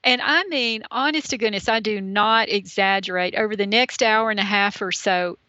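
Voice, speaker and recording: A chatty woman, telling her story as an interview guest. Her voice is bright and forceful, and the recording is dry but dull and lo-fi. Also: mid-range voice, moderate pace, no room sound. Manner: chatty, animated, many you-knows. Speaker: podcast guest. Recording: dull lo-fi sound.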